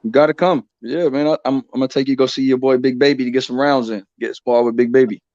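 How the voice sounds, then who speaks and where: A man from Houston talks in a relaxed, slangy way in a casual group chat. His audio is dull and muffled. It sounds dry and close. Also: mid-range voice, fast, no room sound.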